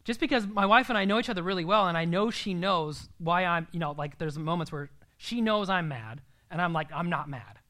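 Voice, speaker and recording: A man's voice: high-pitched, brisk, few pauses, pushed and bright. A young man preaching a sermon in an earnest, emphatic way, sometimes dropping to a near-whisper.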